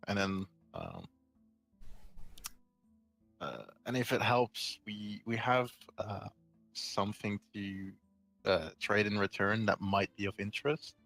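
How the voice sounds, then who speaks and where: A man's voice: lowish voice, animated, slow, gravelly, pauses often, a bit bright, no echo, faint music behind, poor audio. A man playing a tabletop game, speaking in a hesitant, stumbling way with many fillers. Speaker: player. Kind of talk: in-character tabletop chat.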